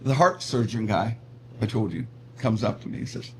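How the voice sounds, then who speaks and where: Middle-aged guy telling stories, lively, laughs a lot, faint hum behind. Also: mid-range voice, a little fast. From Pittsburgh, USA. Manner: animated, laughs often, acts out voices in his stories. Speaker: comedian and radio personality guest. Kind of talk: casual storytelling interview.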